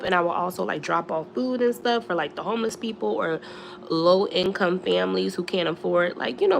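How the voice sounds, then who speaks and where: A young woman from Philadelphia telling a storytime to her viewers in casual chat, animated and chatty, jumping to squeals when she quotes herself. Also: fairly low pitch, gravelly, a little hiss or hum. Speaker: storytime vlogger.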